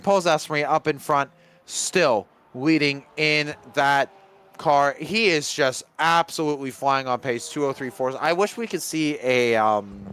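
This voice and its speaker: A man giving live commentary on a sim race, chatty and getting excited in close battles. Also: mid-range voice, smooth. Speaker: lead commentator.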